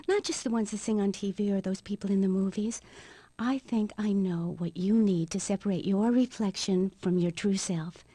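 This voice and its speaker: An actress playing a rambling new-age woman who calls herself a white witch, on a game's radio talk show, drifting into hushed whispers. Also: medium pitch, moderate pace, slightly rough, no echo, lightly acted. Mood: dreamy. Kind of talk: video game radio comedy acting.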